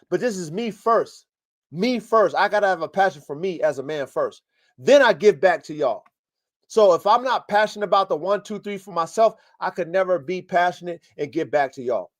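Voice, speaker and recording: A man hosting a live podcast, coaching dog breeders in a blunt, profane, fired-up way. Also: sits high. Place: home studio, live stream.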